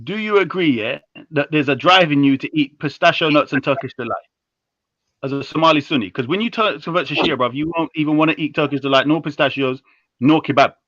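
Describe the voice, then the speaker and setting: A young man hosting a live stream, talking in slangy, teasing, heated casual banter that jumps between loud and low. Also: a little fast, dry recording. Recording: dull lo-fi stream audio.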